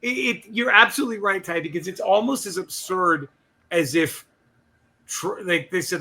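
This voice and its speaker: A man co-hosting a comedy politics podcast, swearing freely in loose, animated banter. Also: high voice, moderate pace. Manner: animated, swears a lot, mimics quoted people. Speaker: podcast co-host.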